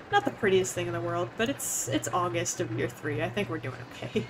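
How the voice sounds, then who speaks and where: A woman's voice: fairly low pitch, big pitch swings, moderate pace, background noise. A young woman on a casual gaming livestream, rambling, giggling and swearing now and then as she chats with viewers. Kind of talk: casual gaming stream chat.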